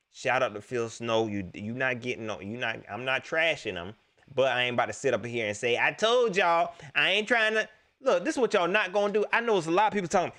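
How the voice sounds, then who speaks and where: Young male stream host, casual and lively, mid-range voice. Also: mid-range voice. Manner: animated, laughs often, talks straight to the chat. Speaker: live-stream sports show host. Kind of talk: casual post-game commentary to live chat.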